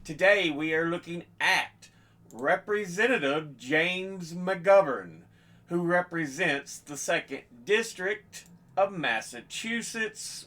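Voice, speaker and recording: A man hosting an informational video, reading dates and figures in a steady, measured way and sometimes restarting a phrase. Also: fairly high pitch. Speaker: host. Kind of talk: unscripted informational presentation.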